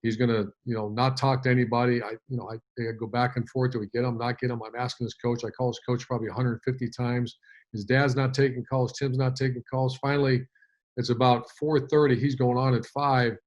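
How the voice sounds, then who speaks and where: A man's voice: medium pitch, flat delivery, fairly quick, dull audio. A man in his fifties, a former head coach, telling a long story in an interview with many fillers and restarts.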